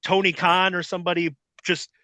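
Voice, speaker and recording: Speaking briskly, a middle-aged man retells a story in a casual interview, swearing a lot and rambling in an animated way. His voice is high and bright with a forceful edge, and the close, dry audio has no echo.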